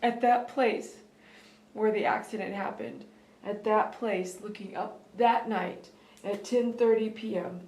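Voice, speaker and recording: A woman's voice: mid-range voice, steady tone, a little slow, darkish tone, roomy sound. A woman hosting a live stream, opening gifts in an emotional, tearful way and laughing often. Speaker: host of a pet grooming channel.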